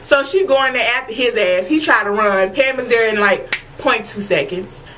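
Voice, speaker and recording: A woman with a high, bright voice recapping a TV episode for her vlog audience. She is animated and emphatic, swears freely and keeps calling out to the viewers. Her tone stays sharp and forward. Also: normal speed, a little hiss or hum, poor audio. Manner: animated, profane and emphatic, addressing viewers as y'all. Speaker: TV episode reviewer.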